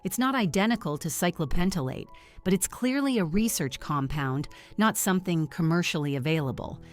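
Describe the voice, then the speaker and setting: A steady female doctor delivering medical results in a calm, clinical manner, voiced by a woman narrator. The voice is lowish, with soft music behind it. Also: brisk, natural voice.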